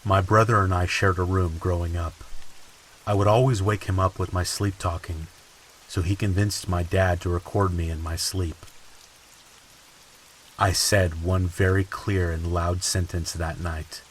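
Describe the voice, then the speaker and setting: A man reading creepy stories in a slow, ominous scripted narration. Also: low voice, fairly even intonation, low-quality recording. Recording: faint hiss and rain sounds behind. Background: rain ambience.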